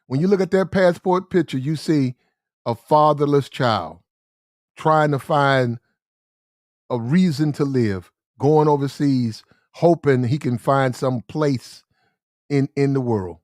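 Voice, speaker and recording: A man's voice: mid-range voice, slow pace, darkish tone, dry recording, studio quality. A man from the United States giving blunt, slangy opinion commentary, repeating his points for emphasis. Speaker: commentary show host.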